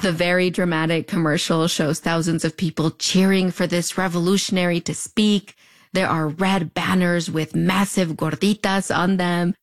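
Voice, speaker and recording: A woman in her thirties hosts a scripted narration, speaking in a fronterizo accent from the US-Mexico border. Her voice is lowish and level, at a normal speed over soft background music, and she tells the story wryly and conversationally with playful asides.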